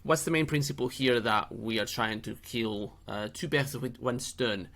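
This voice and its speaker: A man's voice: medium pitch, moderate pace, a bit bright. A middle-aged man hosting a screen-share tutorial, chatty and jokey with playful asides. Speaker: SEO channel host.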